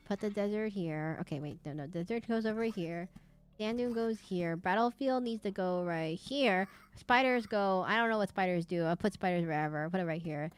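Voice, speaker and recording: A woman's voice: mid-range voice, a bit bright, clear, resonant tone. A young woman streaming a game and chatting casually, rambling off on tangents with lots of fillers and restarts. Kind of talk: casual gameplay stream chat.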